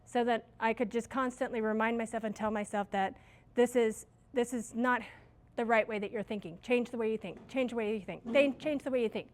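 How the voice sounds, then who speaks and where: A woman's voice: fairly high pitch, fairly even intonation, a little fast. A middle-aged woman who manages a restaurant, giving her staff a casual, story-filled training talk on leadership. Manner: casual, chatty, self-deprecating with stories.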